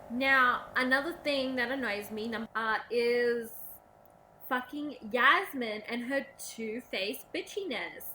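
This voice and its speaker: A young woman rants casually into the camera, profane and sarcastic. Her voice sits high and bright, and a faint hiss runs underneath. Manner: profane, sarcastic, animated ranting with mocking quoted voices. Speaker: vlogger.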